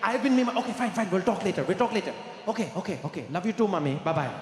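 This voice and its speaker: A man voicing a grown man on the phone with his mother, flustered, repeating himself and insisting his high voice is fine. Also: racing, lightly acted. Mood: flustered, defensive. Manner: flustered, repeats himself, keeps cutting the caller off. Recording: live hall with long reverb, faint ambience.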